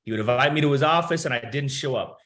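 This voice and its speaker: A man's voice: medium pitch, fast. A man in his thirties, a motivational speaker, telling his life story to an audience and acting out the dialogue. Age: 30s. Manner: animated storytelling, acts out quoted dialogue. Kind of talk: personal story talk to an audience.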